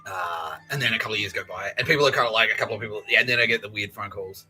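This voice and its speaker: A man's voice: on the low side, very fast, bright, forceful tone, faint music behind, rough recording. A man hosting a podcast, talking in a profane, laughing, rambling monologue. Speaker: podcast host.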